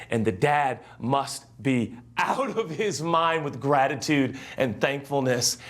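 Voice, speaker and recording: A man preaching a sermon with a lot of emotion, acting out the voices he quotes and swinging from hushed lines to loud ones. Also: high-pitched. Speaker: pastor.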